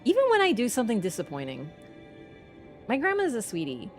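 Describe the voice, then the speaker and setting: A woman livestreamer in casual chat, animated and teasing toward viewers and swearing casually. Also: on the high side, brisk, soft background music.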